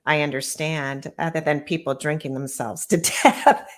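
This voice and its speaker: Woman, middle-aged, low voice, earnest and measured, personal storytelling. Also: steady tone. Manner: earnest, measured recounting of painful memories. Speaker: guest author.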